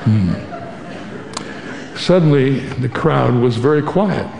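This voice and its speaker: A pastor delivering a sermon, earnest and emphatic, moving between scripture and a story. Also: male voice, medium pitch, measured pace, crowd noise. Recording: echoey hall with long reverb.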